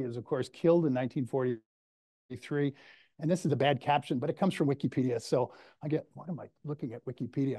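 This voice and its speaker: A man's voice: a little high, dark tone. A man giving a public history lecture, discursive and wry, often restarting sentences and adding asides. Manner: enthusiastic and wry.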